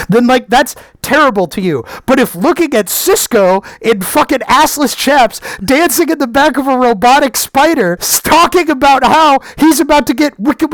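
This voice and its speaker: Profane male movie reviewer, sarcastic ranter, swings loud to low; dry close sound. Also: dry recording. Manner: excitable, sarcastic, swears freely, jumps between shouting and muttering. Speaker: film reviewer.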